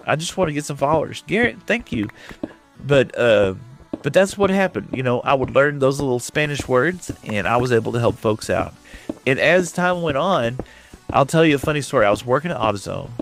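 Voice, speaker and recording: A Texan man with a pitch that sits right in the middle for a man, talking loosely and rambling through stories as he plays. He chats straight to his viewers in an easygoing way, with faint music underneath. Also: gravelly. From West Texas. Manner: rambling storyteller, chatting with viewers. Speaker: streamer. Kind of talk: casual chat while gaming.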